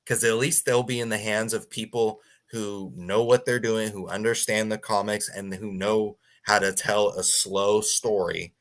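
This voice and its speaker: A man's voice: lowish voice, fairly even intonation, measured pace, hardly any pauses, a bit bright. A man co-hosting a casual movie review chat, often stammering on restarts. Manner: stammering restarts, laughs easily. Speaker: co-host.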